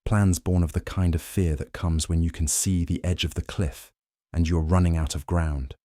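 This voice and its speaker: A man narrating a bedtime history story in second person, calm and even. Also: low voice, moderate pace, no room sound, clean studio sound.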